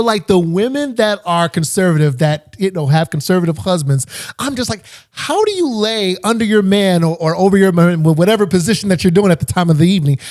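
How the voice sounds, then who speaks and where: A man's voice: sits high, darkish tone. A man hosting a casual podcast chat, agreeing readily and laughing along with his guest. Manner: agreeable, chuckling, backs the guest. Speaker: podcast host.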